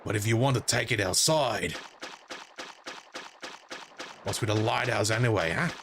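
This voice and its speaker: A man's voice: lowish voice, brisk, noisy background, pitched below the performer's own voice, natural voice. A man voicing a rowdy, foul-mouthed male dolphin in a put-on Australian accent, brash and slangy.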